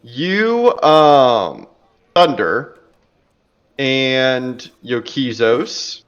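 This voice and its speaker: A man's voice: medium pitch, extremely slow, clear, resonant tone, lo-fi sound. A man running a tabletop game as game master, narrating with frequent fillers and laughs. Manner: laughs often, relaxed filler-heavy narration.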